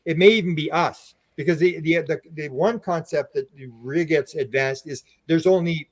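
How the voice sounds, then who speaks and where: A man's voice: fairly high pitch, moderate pace, no echo. A man talking as a podcast guest, explaining his ideas with earnest, rambling restarts. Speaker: podcast guest, UFO researcher. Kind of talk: conversational interview.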